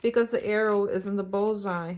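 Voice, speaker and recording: A young woman from Eastern Europe hosts a casual pick-a-card tarot reading. She talks in a chatty, animated way and often drifts into tangents. Her voice sits in a middle pitch. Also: fairly quick. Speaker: tarot reader.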